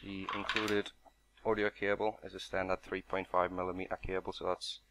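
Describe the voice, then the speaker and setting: A man's voice: sits low, flat delivery, moderate pace, background noise. A man narrating an unboxing and product walkthrough in a matter-of-fact, explanatory way. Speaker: product reviewer.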